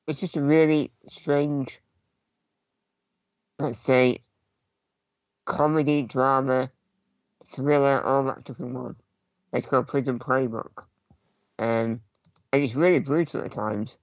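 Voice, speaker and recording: A man's voice: mid-range voice, no room sound. Dry-witted man on a dull home mic. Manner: dry, rambling, many ums. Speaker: podcast co-host. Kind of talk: casual podcast chat.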